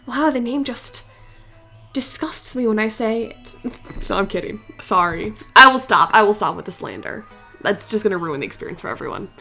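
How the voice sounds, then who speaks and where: Bright-voiced woman doing playful game commentary. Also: fairly high pitch, expressive, a little fast, soft background music. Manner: joking, playful asides. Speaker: let's play host. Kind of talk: casual gameplay commentary.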